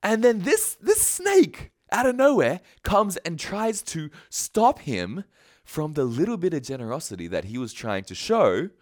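A man's voice: fairly high pitch, big pitch swings, measured pace. A man preaching a sermon, retelling a story with frequent chuckles. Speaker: pastor.

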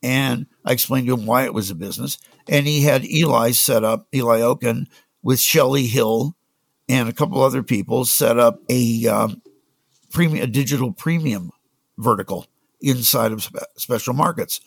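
A man's voice: mid-range voice, normal speed, creaky, dry recording. A man and music industry executive, a guest telling anecdotes in conversation and acting out the dialogue. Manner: anecdotal, acts out quoted dialogue. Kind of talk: conversational storytelling.

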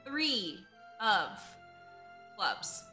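A woman running part of a tabletop game, briskly announcing updates to the players. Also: medium pitch, very animated, sharp tone, soft background music.

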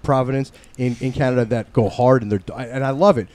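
A man in his forties from northern New Jersey with a New Jersey accent, telling profane stories on a casual podcast, getting loud when he quotes his friends. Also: mid-range voice, fast talker. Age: 40s. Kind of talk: casual chat.

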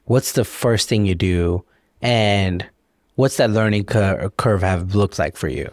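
Lower-voiced male podcast host. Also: no echo, studio quality. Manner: plain, measured questioning with short acknowledgements. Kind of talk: interview questions.

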